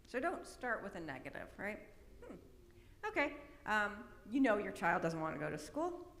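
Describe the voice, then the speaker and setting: A woman's voice: medium pitch, sing-song, moderate pace, a bit bright. A middle-aged woman giving an informal workshop presentation, chatty, with frequent "right?" and "um". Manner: chatty, peppers talk with "right?" and "um". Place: large church hall. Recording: echoey hall with long reverb, faint noise.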